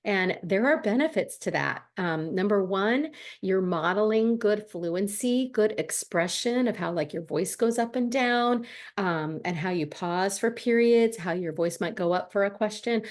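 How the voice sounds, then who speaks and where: Chatty woman reading tutor, mid pitch. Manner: chatty, friendly, many ums and restarts. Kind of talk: casual advice talk to camera.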